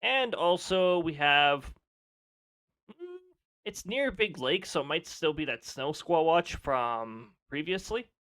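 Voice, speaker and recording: Chatty guy streaming, bit high pitched, reads weather stuff off the screen. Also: expressive, slow, sharp tone. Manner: chatty, laughs often, reads weather readouts aloud. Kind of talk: casual live-stream chat.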